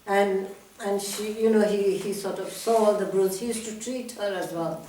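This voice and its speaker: A woman's voice: medium pitch, steady tone, moderate pace, dark tone, a little hiss or hum. An older woman giving a talk, telling a personal story from memory, with many restarts and small laughs. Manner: reminiscing, with frequent restarts and laughs. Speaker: guest speaker. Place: talk venue hall. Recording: echoey hall from far off.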